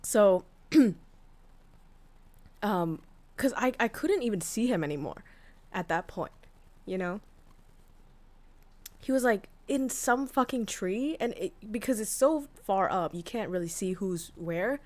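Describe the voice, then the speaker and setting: A woman's voice: medium pitch, expressive, slow, pauses often, darkish tone. A woman streamer telling a story in casual chat, candid and profane, with many fillers and restarts. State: tearful, voice breaking. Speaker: VTuber streamer.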